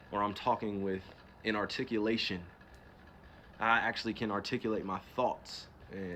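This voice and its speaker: A man from New Jersey talking on a livestream, animated and emphatic, asking and answering his own rhetorical questions. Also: on the low side, a little hiss or hum. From New Jersey, USA. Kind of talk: casual livestream chat.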